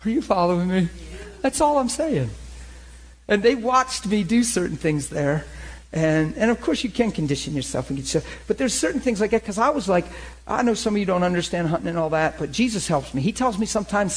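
A man in his forties, a preacher telling hunting stories in a lively, laughing sermon style. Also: high-pitched, a little fast. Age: 40s. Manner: animated, laughing storyteller. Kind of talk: sermon storytelling.

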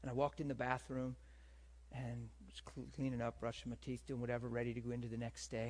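Man preaching an animated testimony. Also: medium pitch, fast talker. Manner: animated storytelling, swings between loud and hushed. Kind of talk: sermon testimony.

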